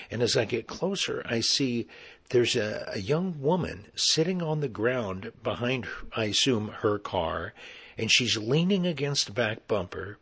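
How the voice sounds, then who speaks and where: A middle-aged man, an actor, telling a personal story in an animated, conversational way. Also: medium pitch, husky.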